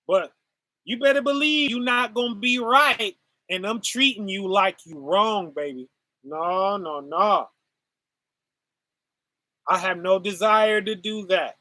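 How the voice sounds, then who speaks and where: Man, preacher, informal sermon, very high voice, unhurried delivery. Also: bright, forceful tone, dry recording, studio quality. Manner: call-and-response asides, laughs while preaching.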